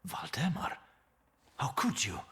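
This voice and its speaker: An actor playing a stern, harried academy president in a story game, with a raspy voice. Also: male voice, slow pace, bright, forceful tone, whispered.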